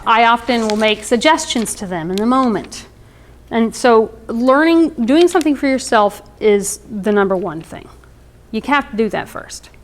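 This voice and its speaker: A woman in her thirties giving an informal presentation on emotional wellness, conversational and explanatory, with frequent ums and asides. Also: fairly high pitch.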